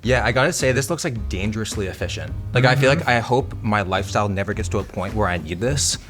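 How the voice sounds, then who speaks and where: Canadian guy guesting on a food show, talks fast and kinda low. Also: lively intonation, fairly bright tone, faint music behind. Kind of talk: casual chat.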